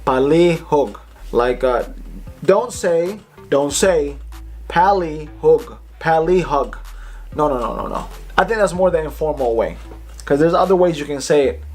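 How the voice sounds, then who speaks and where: A man giving a casual spoken language lesson, chatting loosely and repeating words slowly for practice. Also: a little high, lively intonation, darkish tone, soft background music. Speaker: language teacher.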